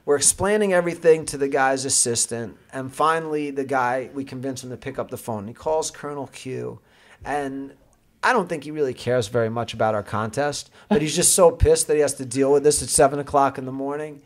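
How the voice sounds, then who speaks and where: A man guest on an interview show, a sports agent, telling a story with lively energy and frequent laughs. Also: mid-range voice, a little fast. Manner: lively, laughing, acts out other voices. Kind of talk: animated anecdote storytelling.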